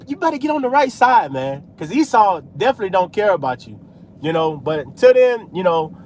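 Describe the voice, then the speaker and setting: A man's voice: sits high, a little hiss or hum. A man preaching in a casual street style, scattering "man" and "hey" through his talk while he drives. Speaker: religious vlogger.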